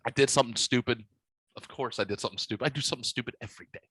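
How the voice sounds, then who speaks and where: A man hosting a podcast, telling a story in a boisterous, profane, animated way. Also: mid-range voice, racing, slightly rough, no echo. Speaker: podcast host. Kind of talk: casual storytelling chat. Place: podcast studio.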